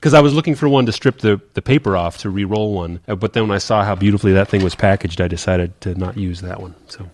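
A man co-hosting a casual podcast, talking in quick, rambling bursts and correcting himself as he goes. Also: lowish voice, a little hiss or hum. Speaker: podcast co-host. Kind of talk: casual chat.

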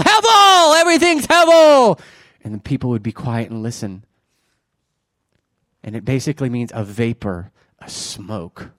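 Pastor, male, 40s. Loose, joking, self-deprecating delivery to a church crowd, middle-pitched voice, dry recording with no room echo. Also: darkish tone. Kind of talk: conversational sermon. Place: church before a congregation.

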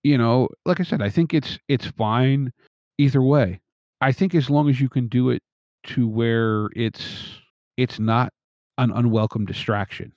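A man from north central Pennsylvania co-hosting a casual chat, thoughtful and measured, with small restarts. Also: mid-range voice, a little mellow, dry recording. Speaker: podcast co-host.

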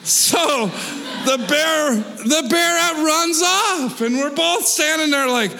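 A man casually telling a wild story with animated, profane delivery, full of sound effects and repetitions. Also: very high-pitched, slow pace, vocal fry, in a large hall, slight background noise.

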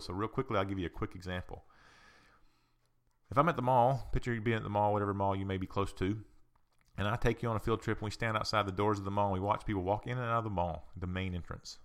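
A man's voice: fairly low pitch, fairly bright tone. A man who is a counselor and podcast host, speaking in a casual, earnest, reflective monologue that mixes psychology and faith.

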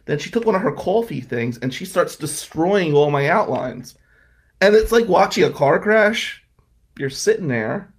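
A man's voice: fairly high pitch, sing-song, measured pace, slightly rough. A man in his forties telling a rambling, profane personal story to his viewers in a casual vlog. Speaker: vlogger.

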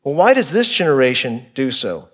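A middle-aged man preaching an expository sermon, earnest and shifting between emphatic and hushed delivery. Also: mid-range voice, sing-song, moderate pace. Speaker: pastor.

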